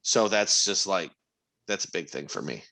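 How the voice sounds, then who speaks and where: A young man co-hosting a podcast, joking around and swearing in animated casual banter. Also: low-pitched, moderate pace, gravelly. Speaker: podcast co-host.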